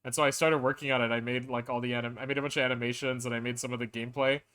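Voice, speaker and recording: A man's voice: medium pitch, flat delivery, racing, bright, forceful tone, clear, resonant tone. Rambling male game streamer. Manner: rambling, full of "like" and restarts. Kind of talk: casual live-stream chat. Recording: game music playing behind.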